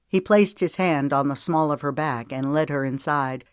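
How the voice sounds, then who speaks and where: An audiobook narrator reading a romance novel in an even, gentle storytelling manner. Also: mid-range voice, moderate pace, clear, resonant tone, no echo, studio quality. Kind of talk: scripted narration.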